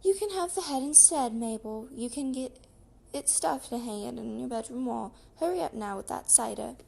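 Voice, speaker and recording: A woman's voice: a little high, expressive, normal speed, vocal fry, warm tone, breathy edge, full character voice. A woman voicing an impatient, bossy woman who snaps orders, in a storybook reading. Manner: bossy, snapping. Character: sharp, impatient woman of the house.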